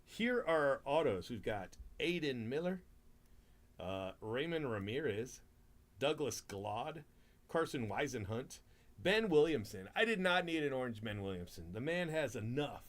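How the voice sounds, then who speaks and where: A man's voice: mid-range voice, very animated, measured pace. A man hosting a live card break stream, chatting casually, laughing often and rattling off player names.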